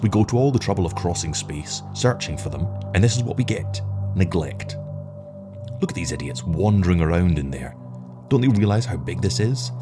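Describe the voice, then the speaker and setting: A man's voice: sits low, natural voice. A man voicing a tired, cynical older rocket captain who snaps impatiently at his lieutenant. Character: weary, sharp-tongued older male rocket captain.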